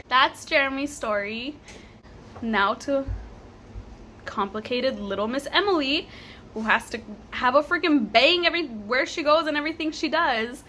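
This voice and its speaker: Bright animated young woman telling a story. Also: fairly high pitch, normal speed, a little hiss or hum. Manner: animated, laughing, casual swearing. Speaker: vlogger. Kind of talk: casual storytelling.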